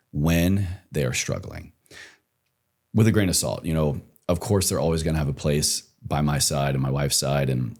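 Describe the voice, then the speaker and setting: A young man hosting a podcast interview, reflective and measured as he shares advice. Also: rumbling low, darkish tone. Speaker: podcast host. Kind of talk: casual interview chat.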